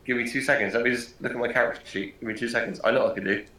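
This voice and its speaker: Eager player in an echoey room. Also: male voice, mid-range voice, fairly even intonation, racing, pushed and bright. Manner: eager, thinking aloud, repeats himself. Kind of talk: tabletop game play.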